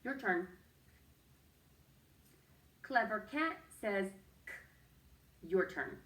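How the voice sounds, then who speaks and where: A woman's voice: fairly high pitch, expressive, a little slow, fairly bright tone, echoey room, far from the mic. A woman teacher leading a young children's phonics lesson, patient and sing-song, coaxing them to repeat after her. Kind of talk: early-reading phonics lesson.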